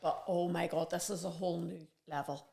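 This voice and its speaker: A woman's voice: on the low side, steady tone, a little fast, vocal fry, warm tone. A woman, a podcast guest in casual conversation, talking earnestly and reflectively in long, rambling runs.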